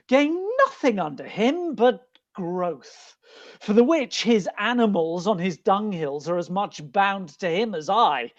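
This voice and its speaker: A woman voicing Orlando, an aggrieved young male gentleman, in an earnest, declamatory Shakespeare reading over a video call. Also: medium pitch, dull audio. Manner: earnest, declamatory verse speaking. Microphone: video call mic.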